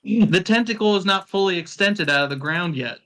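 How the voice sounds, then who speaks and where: Bright-voiced man running a tabletop game. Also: high voice, expressive, moderate pace, poor audio. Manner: laughs often while narrating. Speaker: game master.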